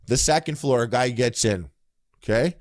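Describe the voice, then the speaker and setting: A man co-hosting a casual podcast, telling stories with lively acted-out bits. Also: mid-range voice, normal speed, no echo, studio quality. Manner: animated storyteller, acts out scenes. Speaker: podcast co-host.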